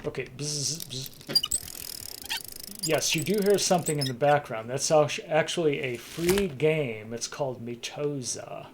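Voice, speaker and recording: A man's voice: fairly high pitch, normal speed, few pauses, noisy background. A man hosting his live stream, chatting casually and a little tired, often restarting his sentences. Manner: rambling, restarts mid-thought, chuckles. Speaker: streamer hosting a talk segment.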